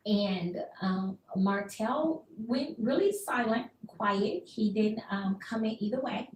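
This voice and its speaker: Woman radio host, mid pitch, chatty and expressive, slightly off-mic in an echoey room. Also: unhurried, far from the mic. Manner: chatty and expressive, acts out quotes with laughs. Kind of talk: casual radio recap.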